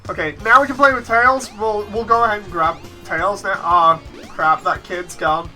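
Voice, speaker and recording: A woman streaming a game, chatting casually with her viewers and reading their chat messages out loud. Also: medium pitch, steady tone, moderate pace. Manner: reads chat messages aloud, chatty and laughing. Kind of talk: casual gameplay stream commentary. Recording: faint game music behind.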